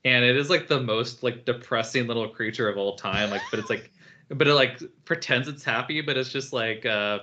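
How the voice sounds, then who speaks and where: Laid back guy telling stories on a podcast, lots of ums, bright voice, bit dull sound. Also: mid-range voice, normal speed, slight background noise. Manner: relaxed storytelling, frequent "like" and "um". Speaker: podcast co-host. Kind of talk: casual chat.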